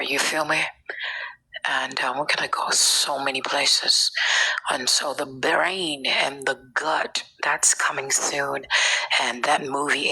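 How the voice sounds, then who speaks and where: Woman, low husky voice with a bright edge, rambling, preachy live-stream host who slips into whispers. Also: low-quality recording. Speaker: social media page host. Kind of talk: casual live-stream monologue.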